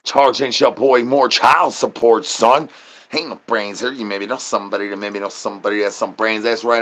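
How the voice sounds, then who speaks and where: A man's voice: lowish voice, steady tone, fairly bright tone. Man rambling sing-song nonsense. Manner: drawn-out chanted catchphrases. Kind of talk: absurd comic rant.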